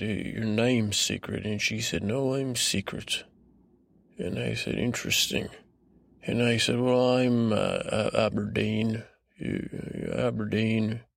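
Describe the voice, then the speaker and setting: A man hosting a show, telling a meandering improvised bedtime story in a slow, drowsy way with a put-on, vaguely Scottish lilt, often stalling and repeating himself. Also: lowish voice, gravelly, fairly bright tone, no room sound, studio quality. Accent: put-on vague Scottish-ish lilt. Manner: meandering, halting, full of restarts and repeated words; slow, drowsy, lulling delivery. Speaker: podcast host. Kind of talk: rambling improvised bedtime story told in first person.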